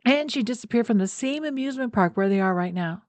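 A woman co-hosting a casual podcast, recapping a TV episode with animated storytelling. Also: a little high, fast talker, no room sound. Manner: animated, acts out scenes in quoted voices. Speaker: podcast co-host.

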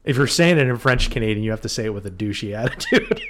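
A man's voice: fairly low pitch, expressive, quick pace, background noise. A man co-hosting a podcast, chatting casually and joking with a rambling delivery and many fillers. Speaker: podcast co-host. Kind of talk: casual chat.

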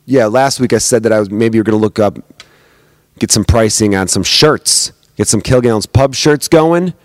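Speaking at a medium pitch with no echo, a comedian from the United States runs his own podcast from home on a podcast mic. Alone at the mic, he keeps up casual, profane, joking banter that sounds like bar talk.

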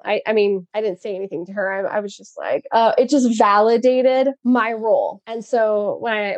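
A woman's voice: medium pitch, no echo. Earnest middle-aged woman, dry close sound. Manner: earnest, reflective, laughs often, acts out quotes. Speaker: program participant sharing her story. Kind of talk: casual conversation on a call.

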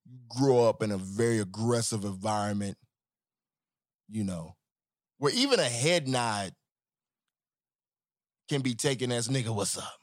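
A man hosting a podcast in a casual solo monologue, profane and animated, swinging between joking and earnest talk. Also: mid-range voice, a little slow, long pauses, dry recording, studio quality. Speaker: podcast host.

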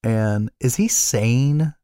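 A man's voice: medium pitch, very slow, warm tone, clean tone, no echo, studio quality. A man co-hosting a podcast, casually retelling a film plot, swearing freely and rambling with fillers. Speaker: podcast co-host. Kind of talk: casual chat recapping a film.

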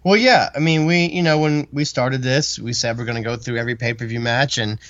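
A man co-hosting a podcast, chatting in a relaxed, joking way. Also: mid-range voice, brisk, no room sound, dull audio. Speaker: podcast co-host. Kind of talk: casual podcast chat.

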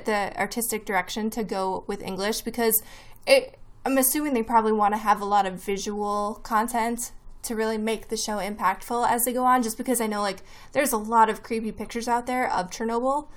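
A woman co-hosting a podcast, giving her opinions in relaxed, thoughtful casual chat. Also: fairly high pitch. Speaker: podcast co-host.

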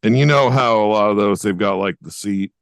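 A man's voice: fairly low pitch, brisk, no room sound, clean studio sound. A man co-hosting a casual chat podcast, laid-back and blunt, swearing freely. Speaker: podcast co-host.

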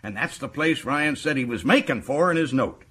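Prison governor, boastful, chatty, stumbling, husky, lively pitch. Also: male voice, normal speed. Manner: boastful, stumbling, chuckling often. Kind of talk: radio drama acting.

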